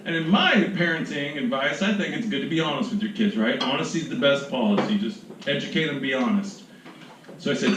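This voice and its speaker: A man's voice: medium pitch, animated, fast, very echoey. Wry middle-aged man hosting stand-up. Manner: wry, self-deprecating punchlines. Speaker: comedy show host. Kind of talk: stand-up comedy set. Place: live comedy room with audience laughter. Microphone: handheld stage microphone. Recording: distant, dull, noisy live room recording.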